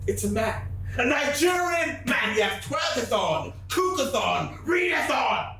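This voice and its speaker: An exasperated spokesman , played by a man, fronts a press conference and keeps erupting into shouted rants. The voice sits fairly high for a man. It is heard in a very echoey room with a faint hiss. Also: very animated, a little slow, faint music behind, full character voice. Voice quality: shouting rants with sudden outbursts. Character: exasperated male record-keeping spokesman, ranting. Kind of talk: sketch comedy acting.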